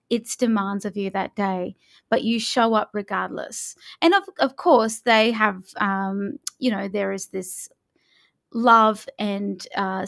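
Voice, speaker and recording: A woman coach with a slightly high voice guides a morning vocal warm-up. She keeps it chatty and encouraging, talking the listener through each stretch step by step.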